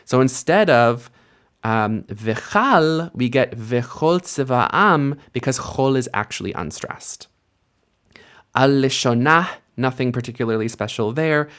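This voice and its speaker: A man's voice: mid-range voice, fairly bright tone. A man teaching a recorded grammar lesson, explaining patiently and sounding out example words with careful stress. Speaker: Hebrew teacher.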